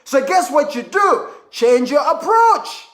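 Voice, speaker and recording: A man's voice: very high voice, big pitch swings, slow, a bit bright. A man giving a motivational seminar talk, emphatic and repetitive, telling stories to make his points. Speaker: motivational speaker. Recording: echoey room.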